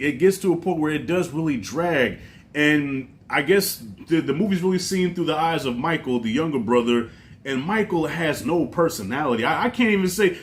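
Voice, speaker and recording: A man with a fairly high voice, reviewing a film in a relaxed vlog. He rambles through his thoughts, swears freely and keeps the talk loose. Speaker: movie reviewer. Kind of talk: casual movie review vlog.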